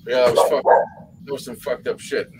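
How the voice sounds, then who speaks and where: A man's voice: mid-range voice, flat delivery, brisk, very noisy. A man telling long, rambling anecdotes in casual chat, swearing constantly. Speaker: live show chat participant. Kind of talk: casual profane storytelling.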